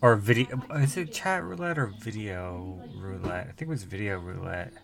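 A man co-hosting a podcast, chatting casually about a film, slow and hesitant with crude humor. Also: fairly low pitch, creaky, a bit bright. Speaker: podcast co-host.

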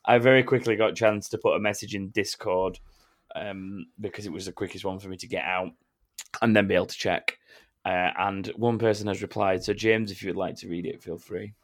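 A man's voice: deep voice, steady tone, brisk. A man hosting a casual podcast, chatty and self-mocking, laughing often. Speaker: podcast host. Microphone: remote recording software.

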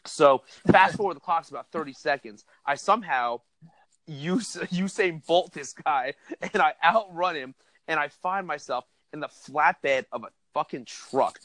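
A young man telling a wild story in casual chat, animated and profane, laughing as he goes. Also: a little high, unhurried, no room sound. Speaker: podcast host telling a story.

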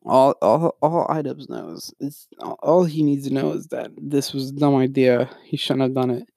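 Gravelly young man ranting casually. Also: mid-range voice, moderate pace, warm tone, dry recording, clean studio sound. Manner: rambling, frequently restarts and sidetracks. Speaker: podcast co-host.

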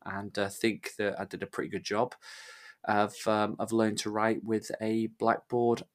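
A man's voice: lowish voice, flat delivery, moderate pace. A man from England, co-hosting a podcast and telling rambling, self-deprecating anecdotes in casual chat. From northern England. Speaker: podcast co-host.

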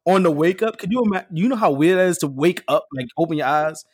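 A man on a casual podcast telling animated stories, acting out quotes and laughing often. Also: fairly high pitch, quick pace, husky, no room sound, studio quality. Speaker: podcast co-host. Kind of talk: casual storytelling banter.

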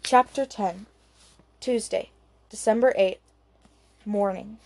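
A woman reading an audiobook as its narrator, in an even, unhurried way. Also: mid-range voice, gravelly. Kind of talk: scripted narration.

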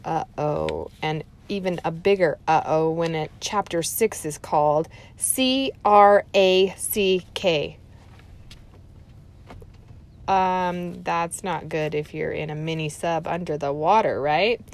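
A woman's voice: sits low, slow pace, hardly any pauses. A woman reading a chapter book aloud to children, adding chatty asides to her young listeners.

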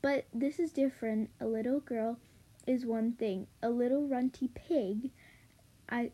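A woman reading the lines of a patient, loving farmer father in her own plain, halting voice. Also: a little high, dark tone. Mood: gentle. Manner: plain, halting read-aloud delivery.

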